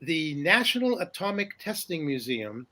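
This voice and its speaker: An older man tells long stories as an interview guest, with a slightly raised pitch. He rambles through fillers and restarts and chuckles often as he goes. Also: big pitch swings, normal speed, bright, forceful tone. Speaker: guest, paranormal journalist. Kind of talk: casual interview storytelling.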